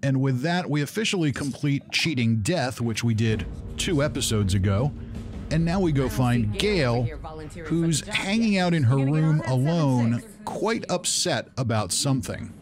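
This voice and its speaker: A man's voice: medium pitch, expressive, unhurried, over music. A man commentating as he plays a video game, making dry, sarcastic asides. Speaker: let's play commentator. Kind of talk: gameplay commentary.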